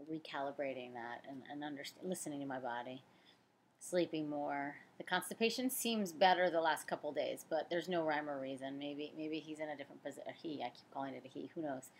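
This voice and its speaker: A woman's voice: low-pitched, a little hiss or hum. A woman in her forties talking candidly and casually in a personal vlog update, tired and chatty. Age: 40s. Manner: candid and chatty, with frequent fillers and self-corrections. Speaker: fertility practitioner. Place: home, on the couch.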